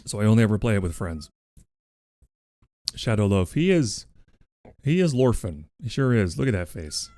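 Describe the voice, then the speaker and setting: A man chatting on a livestream in a lowish voice that swings up and down a lot. He is playful, swears casually and coos at his pets. The sound is dry and close, with no room echo. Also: big pitch swings, normal speed, long pauses, mellow. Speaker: streamer.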